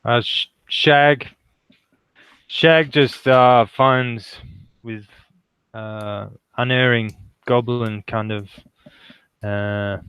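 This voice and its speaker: A man with a smooth, clear voice of medium pitch plays a tabletop role-playing game. He talks hesitantly, checking details with the game master, and the sound is dry. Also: steady tone, drawn-out words, long pauses, fairly bright tone, dry recording. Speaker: player.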